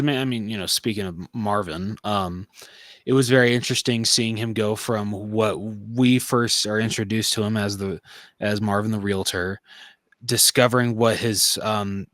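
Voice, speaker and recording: A man's voice: on the low side, a bit bright, no room sound. A man co-hosting a podcast in casual movie review chat. He talks in a hesitant, laid-back way with many ums. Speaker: podcast co-host.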